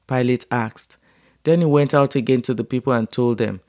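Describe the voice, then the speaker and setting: A man reading scripture aloud at a measured, unhurried pace. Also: medium pitch, darkish tone, dry recording, clean studio sound. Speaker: Bible reader.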